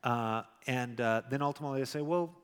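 A man's voice: medium pitch, normal speed. A middle-aged pastor teaching from the pulpit in a candid, conversational tone. His voice sits in a middling register and rings out into a big hall with a long reverb tail. He slips into little dialogues as he talks. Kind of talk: sermon Q&A teaching.

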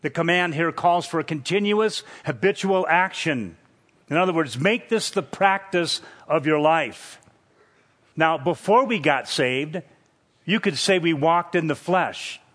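A man preaching an expository sermon, teaching verse by verse in a measured, emphatic way. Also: fairly high pitch, expressive, a bit bright.

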